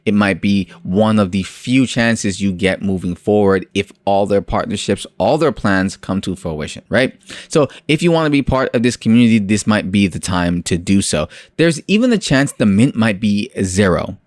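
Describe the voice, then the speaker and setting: A man's voice: fairly low pitch, expressive, moderate pace, no echo. Jokey man hosting a crypto channel. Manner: jokey, sarcastic asides, many fillers. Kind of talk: casual commentary on a project.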